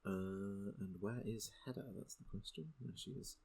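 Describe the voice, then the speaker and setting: A man's voice: on the low side, normal speed, warm tone, faint music behind. A man narrating a tabletop game as game master, in a casual, chatty way with many fillers.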